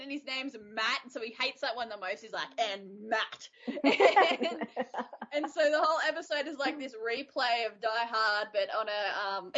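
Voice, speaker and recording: A woman co-hosting a casual chat, retelling a story in an animated way with frequent giggles. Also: a little high. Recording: dull lo-fi audio.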